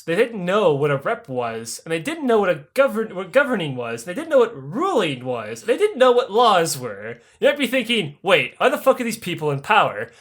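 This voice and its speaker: Crude, animated young man telling history. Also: high voice. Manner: crude, animated, swearing freely. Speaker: podcast host. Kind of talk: comedic history storytelling.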